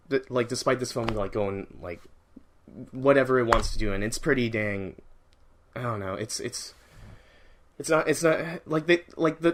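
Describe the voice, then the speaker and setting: Speaking in a mid-range voice, a man gives an excitable, rambling first reaction to a film. He swears a lot and often starts his sentences over in this casual review.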